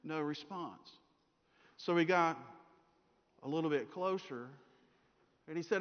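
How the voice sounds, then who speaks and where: A middle-aged preacher delivers a sermon in a fairly high voice. He tells stories and slips into the voices of the people in them. The sound is dull and hangs in a long hall reverb. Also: slow pace. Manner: storytelling, acts out voices in anecdotes.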